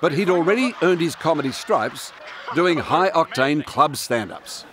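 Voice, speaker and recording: A male reporter, narrating a TV segment and asking questions in a measured, steady way. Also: a little high, over music. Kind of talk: TV interview and scripted narration.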